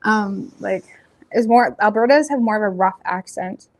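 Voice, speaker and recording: A woman's voice: mid-range voice, normal speed. Chatty Nova Scotian woman, rambling. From Nova Scotia, Canada. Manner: chatty, rambling, frequent fillers and self-corrections; laughs easily, blunt with casual swearing. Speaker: tarot reader. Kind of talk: casual chat on a tarot channel.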